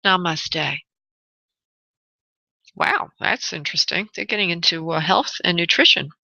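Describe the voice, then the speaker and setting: Bright-voiced woman hosting a call-in show. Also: fairly low pitch, expressive, vocal fry, dry recording, dull audio. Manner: affectionate, calls callers honey and darling; hesitant, many pauses and restarts. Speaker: radio show host and psychic medium. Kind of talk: casual call-in radio chat.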